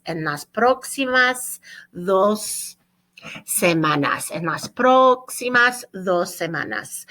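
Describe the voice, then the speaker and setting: Woman teacher, bright ringing voice, upbeat, drills phrases slowly for students. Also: medium pitch. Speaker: Spanish teacher. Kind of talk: online classroom lesson.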